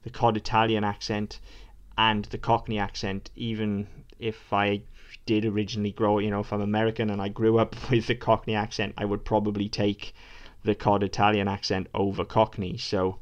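A man co-hosting a casual podcast in a somewhat low voice. He talks quickly and loosely, stopping and restarting his sentences with frequent ums. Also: monotone, dull audio. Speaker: podcast co-host. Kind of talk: casual chat.

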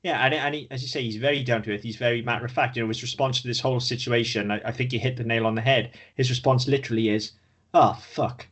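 A man's voice: mid-range voice, fairly even intonation, rapid-fire, hardly any pauses, fairly bright tone, husky. A man co-hosting a podcast, chatting casually about a TV episode and swearing freely as he talks. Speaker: podcast co-host. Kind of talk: casual chat reviewing a TV episode.

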